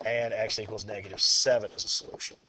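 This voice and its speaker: A man's voice: fairly low pitch, little pitch movement, fast talker, pushed and bright, a little hiss or hum. A male math teacher lecturing a class, upbeat and encouraging as he works through problems aloud.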